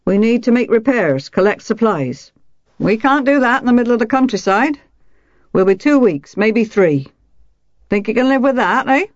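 A woman's voice: on the high side, expressive, fairly quick, dry recording, muffled recording, voice pushed up, close to an everyday voice. A woman voicing an insolent male boat traveler who sounds dismissive and half-amused.

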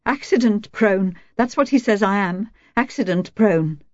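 Anxious battered wife in a storybook reading, hoarse and soft, as a woman reads her, mellow tone in a dull, dry recording. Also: mid-range voice, expressive, a little slow, dry recording, pitched above the performer's own voice, natural voice. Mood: bitter. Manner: quavering, bursts out shrilly.

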